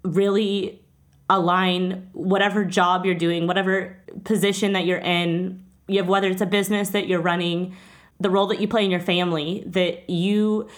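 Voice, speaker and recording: A woman's voice: lowish voice, level tone, moderate pace. A woman hosting a casual interview, talking earnestly and getting emotional at times. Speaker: podcast host.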